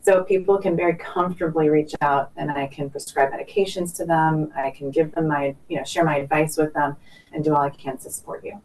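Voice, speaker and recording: Low-voiced, joking woman doctor on a distant mic. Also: steady tone, a little fast, a little mellow. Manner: chatty, jokey and self-deprecating. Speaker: fertility doctor guest. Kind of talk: casual podcast interview.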